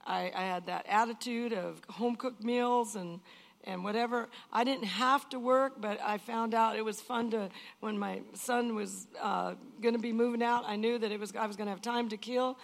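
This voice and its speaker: A woman's voice: a little high, fairly even intonation, normal speed, creaky. An older woman giving an emotional personal testimony in an earnest, emphatic way, often repeating phrases.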